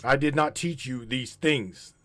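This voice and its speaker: A man hosting a casual live stream, halting and stammering, restarting his sentences often. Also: mid-range voice, pushed and bright. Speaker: podcast host.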